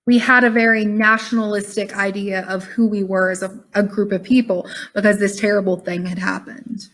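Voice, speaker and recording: This woman's medium-pitched voice is a bit bright, yet her delivery is flat and moderately paced. Sounding tired, she reads a text to her online class over a video call and explains it casually, chatting and calling them "y'all."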